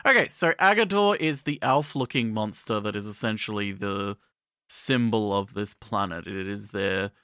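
Podcast co-host, man, low and bright voice, measured explainer who hedges. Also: smooth, no room sound, clean studio sound. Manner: measured, hedging with "like" and "I mean". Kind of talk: casual chat, explaining.

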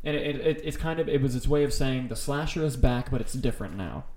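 A man's voice: medium pitch, lively intonation, fast, darkish tone. Enthusiastic man in an echoey room. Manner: enthusiastic, rambling, swears freely. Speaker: podcast co-host. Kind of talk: casual chat about horror films. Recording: roomy echo.

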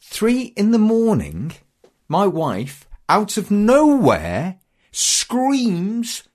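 A man's voice: high-pitched, extremely slow. A middle-aged man chatting casually and telling comic stories, acting out voices as he goes. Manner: animated, acts out voices in his stories. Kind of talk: casual chat, comic storytelling.

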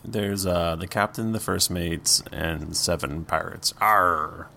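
A man's voice: low voice, a little slow, vocal fry, fairly bright tone, slight background noise. A man running a tabletop game as game master, answering in a laid-back, offhand way.

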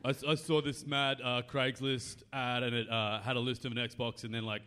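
A man's voice: medium pitch, flat delivery, normal speed, pushed and bright, a little hiss or hum, close to an everyday voice. A man playing a dim young gamer bro who calls about a game console ad, slangy and dismissive. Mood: cocky slacker. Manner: laid-back, slangy, dismissive.

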